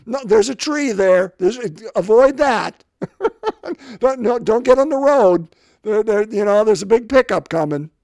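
A man's voice: sits high, expressive, a little slow, darkish tone, no room sound, clean studio sound, pitched above the performer's own voice. A man voicing Jesus as a playful figure, calling out directions to two blind men who are following him. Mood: coaxing.

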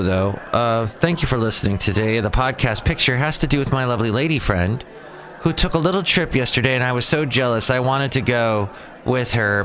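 A man's voice: mid-range voice, a bit bright. A man hosting his own daily podcast alone, playful and digressive, joking at his own expense. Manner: playful, digressive, self-mocking. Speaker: podcast host. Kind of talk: rambling solo podcast.

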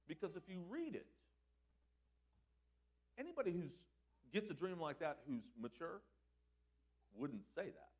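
A man preaching a sermon as pastor, swinging between loud emphatic lines and quiet, prayerful passages. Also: high-pitched.

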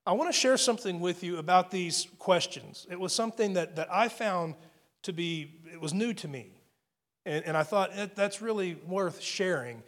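A man's voice: high-pitched, expressive, normal speed, a bit bright. A man preaching a sermon, earnest and building his points, often repeating words as he goes. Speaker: pastor.

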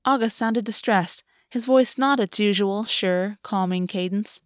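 A woman reading a fan fiction story aloud in a steady, even narration. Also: medium pitch, a little slow, hardly any pauses, no room sound, studio quality. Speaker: audiobook reader.

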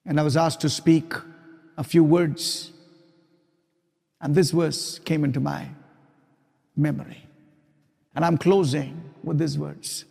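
A pastor preaching a sermon, building to loud, emphatic repetition of his points. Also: on the high side, little pitch movement, slow, vocal fry, pauses often, husky, long reverb tail.

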